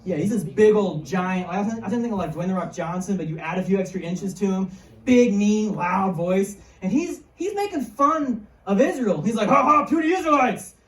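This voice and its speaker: A woman's voice: mid-range voice, expressive, normal speed. A woman giving a casual, joking sermon to young people in a church hall. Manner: jokey, chatty, slangy. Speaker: youth speaker. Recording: roomy hall, mic far off.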